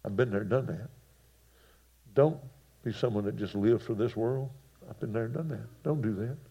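Gravelly preacher man. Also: fairly low pitch, normal speed. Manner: folksy, swings from hushed to loud and emphatic. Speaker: pastor. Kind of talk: sermon. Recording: dull lo-fi sound.

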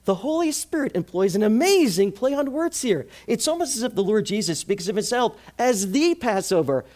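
A male preacher giving a sermon with a strongly varied, animated voice. He keeps putting rhetorical questions to the congregation and answering them himself. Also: sits high, moderate pace.

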